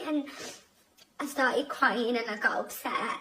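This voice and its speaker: A young woman telling a personal family story in a halting, emotional way, with many restarts. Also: a little high, sharp tone, slight background noise, poor audio. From Bangladeshi family. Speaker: guest telling her conversion story.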